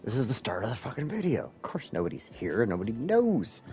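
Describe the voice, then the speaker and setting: A man's voice: medium pitch, huge pitch swings, fairly quick, mellow, slight background noise. A man hosting a casual live game stream, rambling and swearing as he talks to his chat while clicking through menus. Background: faint background music.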